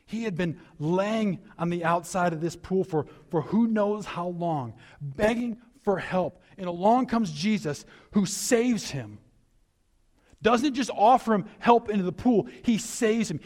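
A male pastor delivers a sermon with a slightly high-pitched voice. He builds to emphatic peaks, then drops into conversational, reflective asides. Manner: animated preaching, rising to emphatic peaks.

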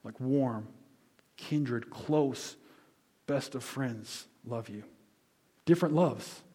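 A man preaching a sermon as pastor, conversational, explaining words and restating them, dropping soft on key lines. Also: medium pitch, drawn-out words, slightly rough.

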